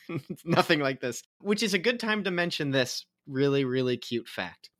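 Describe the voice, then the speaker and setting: Brief: male co-host, bright forceful tone, dry close sound, rambling and chuckling through a film recap. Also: a little high, big pitch swings, normal speed, dry recording. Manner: rambling, laughs often, self-correcting. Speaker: podcast co-host. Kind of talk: casual movie review chat.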